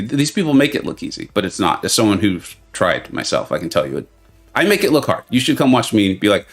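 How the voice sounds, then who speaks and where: A man's voice: medium pitch, big pitch swings, a little fast, fairly bright tone, soft background music. A man hosting a game-tournament watch party live stream, chatting casually and greeting viewers by name with self-mocking humor. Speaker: livestream host.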